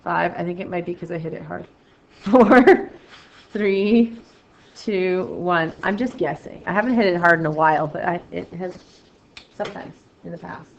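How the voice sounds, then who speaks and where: A woman teaching a math lesson to a class, loud and excitable, joking about herself as she works through problems. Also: fairly low pitch, fast talker, gravelly, highs cut off. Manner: loud, excitable, self-mocking.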